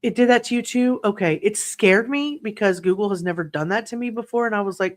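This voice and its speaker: A woman's voice: medium pitch, a little fast. A woman hosting a livestream, chatting casually and snarkily while reading viewer comments, laughing often. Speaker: true crime livestream host.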